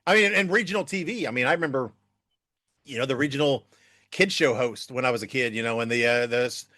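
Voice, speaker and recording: A man's voice: mid-range voice, quick pace, sharp tone, no echo, studio quality. A man from the Midwest, from Indiana, appearing as a podcast guest, reminiscing conversationally with filler words. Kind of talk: casual podcast chat.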